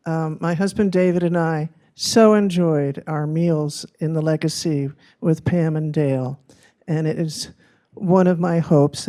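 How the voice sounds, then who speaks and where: Female resident, soft warm delivery, brief memorial remarks. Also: deep voice.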